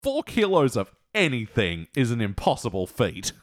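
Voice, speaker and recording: A man's voice: medium pitch, huge pitch swings, moderate pace, no echo. Chatty, laughing man on a dry mic. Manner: chatty, laughs often, swears casually. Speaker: podcast co-host. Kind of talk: casual chat reviewing a TV episode.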